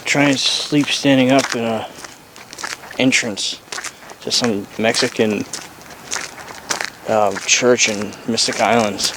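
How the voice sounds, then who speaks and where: Sarcastic guy in his 30s ranting and swearing, slow talker, faint noise behind. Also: medium pitch, steady tone. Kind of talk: casual rant vlog.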